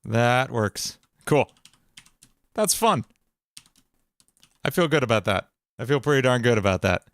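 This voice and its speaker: A man's voice: medium pitch, lively intonation, measured pace, fairly bright tone, dry recording. A man streaming casually from his home basement studio as he writes music, joking, laughing often and mocking himself. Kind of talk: casual livestream chat.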